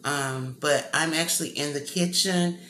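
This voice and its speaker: A vlogger with a low, unhurried, slightly bright voice chats casually with her viewers from a dark kitchen, rambling and calling them "y'all." The room is echoey with faint background ambience and a little hiss or hum.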